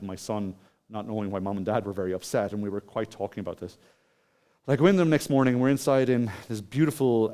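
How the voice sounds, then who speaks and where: A man from Ireland, speaking in a lowish, mellow, smooth voice, gives a chatty talk to a conference hall. He draws in the audience with questions, tells a personal story, and keeps restarting his phrasing.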